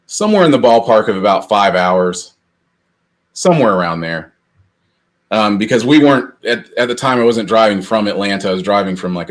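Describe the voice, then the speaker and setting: Rambling middle-aged man telling anecdotes. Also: fairly low pitch. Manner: rambling, animated anecdotes with restarts. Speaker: podcast co-host. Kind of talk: casual storytelling chat.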